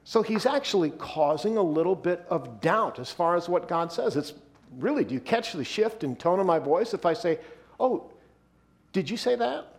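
A male pastor delivering a sermon, emphatic, slowing down and dropping his voice to stress key points. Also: high voice, lively intonation.

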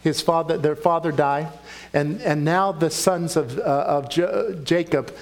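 A man's voice: a little high, a little slow, gravelly. A man preaching a sermon and reading scripture aloud. He speaks emphatically and keeps asking the listeners questions.

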